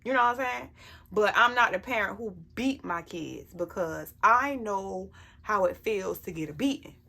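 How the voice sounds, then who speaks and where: Blunt gravelly-voiced woman vlogger. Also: mid-range voice, lively intonation, normal speed, bright, forceful tone. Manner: blunt, emphatic, keeps asking "you know what I'm saying". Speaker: parent sharing life advice. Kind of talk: casual personal vlog talk.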